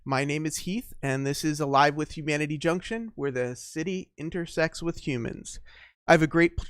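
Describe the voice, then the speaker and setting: A man hosting his first live stream, chatting off the cuff, greeting viewers one by one and often pausing on fillers. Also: a little high, fairly bright tone, dry recording, studio quality. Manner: unscripted, greets viewers by name, halting with fillers. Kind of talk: casual live stream chat.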